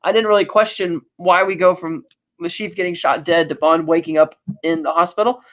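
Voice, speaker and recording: A man co-hosting a podcast, retelling a film scene by scene in a casual, animated way with plenty of restarts and fillers. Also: a little high, fairly quick, muffled recording. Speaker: podcast co-host.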